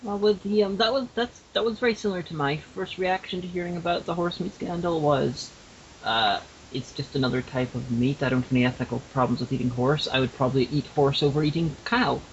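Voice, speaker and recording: A man from Northern Ireland co-hosting a podcast in casual chat, hesitant and halting as he talks. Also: fairly high pitch. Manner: hesitant, many fillers and restarts. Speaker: podcast co-host. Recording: lo-fi with faint hiss.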